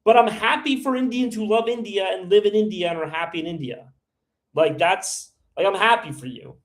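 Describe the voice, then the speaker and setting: Man, livestream host, blunt, ranting, heated, fairly high voice. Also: fairly quick. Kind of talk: live stream chat answering viewers.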